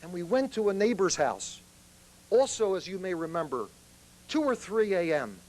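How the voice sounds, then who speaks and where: A man voicing a wife who gently coaxes her husband to help a stranger. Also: high voice, sing-song, moderate pace, rough recording. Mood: coaxing.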